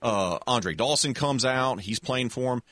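A man telling a long childhood story in a relaxed, casual chat, full of restarts and little voices for other people. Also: medium pitch, unhurried, no echo, studio quality. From American South. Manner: animated storyteller with many restarts, acts out voices.

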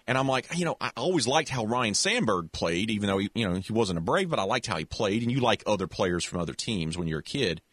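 A man telling a long childhood story in a relaxed, casual chat, full of restarts and little voices for other people. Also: on the low side, fast talker, hardly any pauses, slightly rough, no echo. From American South. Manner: animated storyteller with many restarts, acts out voices.

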